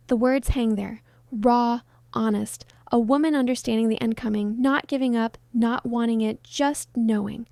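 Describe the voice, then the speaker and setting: A woman giving scripted narration of a true story in a hushed, solemn storytelling manner. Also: fairly high pitch, fairly even intonation, moderate pace, gravelly, dry recording, clean studio sound.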